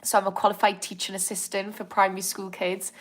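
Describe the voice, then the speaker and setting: A woman's voice: mid-range voice, level tone, fast talker. A young woman with a Northern English accent, hosting a live stream and chatting casually while reading out viewer comments. She is apologetic and encouraging and laughs easily. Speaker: livestream host.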